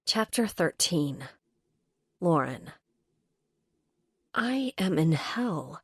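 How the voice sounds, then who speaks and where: Lively wry woman narrating. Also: sits low, extremely slow, husky, no echo. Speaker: audiobook narrator. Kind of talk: first-person romance audiobook narration.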